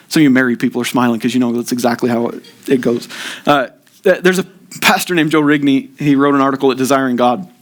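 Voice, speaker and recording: A man preaching a sermon at a church service in an earnest way, his voice rising with emphasis when he acts out people's complaints. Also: mid-range voice. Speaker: pastor.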